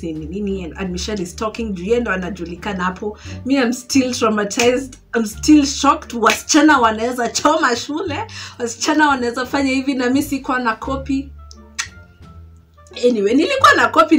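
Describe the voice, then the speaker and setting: A young Kenyan woman with a Kenyan accent, telling an animated storytime in a casual vlog. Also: medium pitch. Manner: animated, code-switching English and Swahili slang. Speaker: vlogger.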